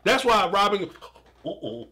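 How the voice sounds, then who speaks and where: A middle-aged man rants through a live reaction, his voice high and lively, swinging up and down. The tone is bright and forceful as he laughs and fires off his takes. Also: measured pace. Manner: fired up, ranting and laughing, talks straight at the viewer. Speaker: live-stream reaction host. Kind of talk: animated reaction commentary.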